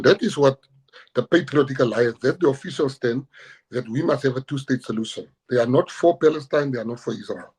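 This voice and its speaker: A middle-aged man with a South African accent, speaking in an interview as a party leader. He is combative and forceful and hammers his points home with repetition. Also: medium pitch, fairly quick, breathy edge, poor audio.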